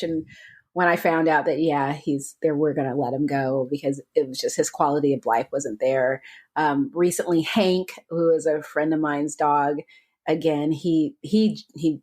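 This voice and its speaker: A woman's voice: low voice, darkish tone. A woman co-hosting a podcast in casual chat, talking freely with frequent laughs and restarts. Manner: chatty, laughs often, trailing restarts. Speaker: podcast co-host.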